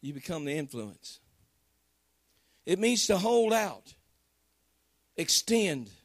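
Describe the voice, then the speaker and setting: A man's voice: sits high, very animated, takes it slowly, no room sound. A man preaching a sermon with fervor, calling out to the congregation and telling stories in a folksy way. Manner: fervent, Southern-tinged folksy preaching with call-outs to the congregation.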